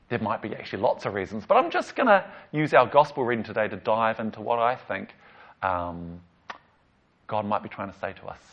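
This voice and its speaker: A man, a pastor, preaching a conversational sermon and retelling a story with lively emphasis and casual asides. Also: on the low side, vocal fry. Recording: slightly dull lo-fi recording.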